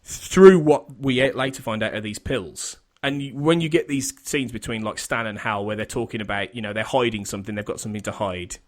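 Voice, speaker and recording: A man's voice: fairly low pitch, a little fast, few pauses. A man hosting a casual podcast chat, rambling and restarting his sentences, laughing often. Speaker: podcast host.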